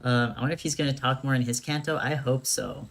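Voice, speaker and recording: A woman's voice: a bass voice, quick pace, creaky. A young woman streamer chatting casually over a game, laughing often and talking in slang. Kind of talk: casual gameplay commentary.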